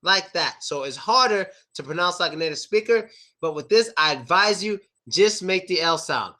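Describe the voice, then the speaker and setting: Upbeat young American male pronunciation teacher, high bright voice, drills words one by one. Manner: lively, repeats words slowly for demonstration. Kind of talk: online pronunciation lesson.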